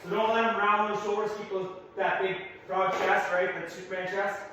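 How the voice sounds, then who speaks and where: A slightly hoarse man coaching through a workout, giving practical cues in a large gym. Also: high-pitched, little pitch movement, normal speed, noisy background. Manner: practical, coaching cues, talks to his son in asides. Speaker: strength coach. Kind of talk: instructional workout walkthrough. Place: large echoey gym, indoors. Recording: echoey gym from a distance.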